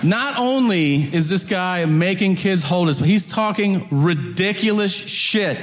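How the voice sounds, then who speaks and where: A man telling a funny story in casual podcast chat, animated and laughing. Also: sits high, takes it slowly, in a large hall. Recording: background noise.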